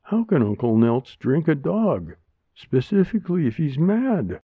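A man voicing a frightened little girl who cries and wonders, in a high, wavering voice, as he reads a story aloud. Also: very animated, measured pace, breathy edge, no room sound, full character voice. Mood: wondering. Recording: dry, tinny phone-like sound.

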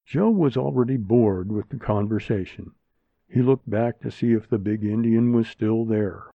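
A man reading a story aloud in a measured, steady way. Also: lowish voice, creaky, no room sound. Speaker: narrator. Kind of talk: storybook narration. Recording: narrow phone-like sound, dry.

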